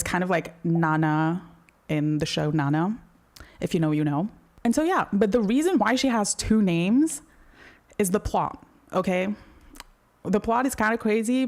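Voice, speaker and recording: A woman hosting a casual commentary video, chatty and slangy, full of fillers and asides. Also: lowish voice. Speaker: video essay host.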